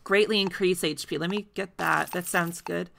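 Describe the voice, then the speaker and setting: A woman streamer chatting casually and excitably while playing a game, talking to the characters on screen. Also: fairly low pitch, moderate pace, gravelly, slight background noise, rough recording. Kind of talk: casual playthrough commentary.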